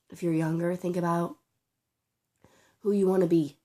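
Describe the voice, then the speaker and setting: A young woman with a sore throat talking in a personal vlog, halting, tearful and full of restarts. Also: fairly low pitch, fairly even intonation, dark tone. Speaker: vlogger.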